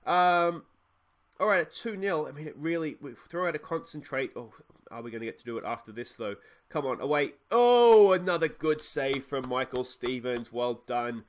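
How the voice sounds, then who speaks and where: A young Australian man commentating his own football management gameplay, calm between plays and shouting with laughter when goals go in. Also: medium pitch, moderate pace. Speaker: let's play host.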